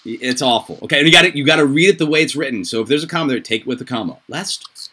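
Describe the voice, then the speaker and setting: Over a video call with noisy online audio, a man tutors students for the SAT, coaching them through answers in an upbeat, chatty way with quick asides and laughs. His voice is mid-range, expressive and sharp in tone.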